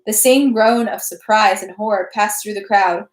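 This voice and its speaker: A woman reads a classic novel aloud at home in a steady narrating voice, catching small slips as she goes. Her voice sits at a middle pitch. The room gives it a noticeable echo. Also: moderate pace. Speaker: reader. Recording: roomy echo.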